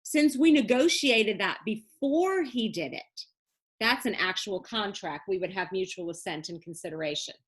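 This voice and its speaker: A woman's voice: mid-range voice, moderate pace. A woman teaching a business law class in a recorded lecture, explaining in a casual, colloquial way and teasing her students with jokes. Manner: lively, joking, teasing students.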